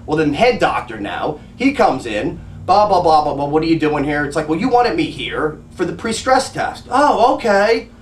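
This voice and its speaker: A man's voice: on the high side, normal speed, few pauses, far from the mic, a little hiss or hum. A man telling a story about a doctor visit, worked up and acting out what everyone said. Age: adult with a grandmother and father living. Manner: agitated, animated retelling with acted-out quotes. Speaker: family advocate recounting a doctor visit. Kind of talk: casual personal storytelling. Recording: echoey room, voice away from mic.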